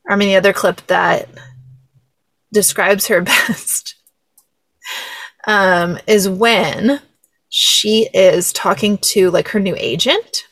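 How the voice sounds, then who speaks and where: A woman's voice: mid-range voice, a bit bright, dry recording. A young woman hosting a podcast, chatting casually and laughing, with many fillers. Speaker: podcast host. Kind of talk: casual chat about a film.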